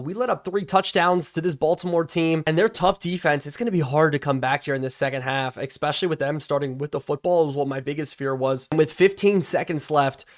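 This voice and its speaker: A young man hosting a gaming video, giving excitable play-by-play commentary on a football video game he is playing from his home studio, swinging from calm analysis to shouting. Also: a little high. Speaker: gaming channel host.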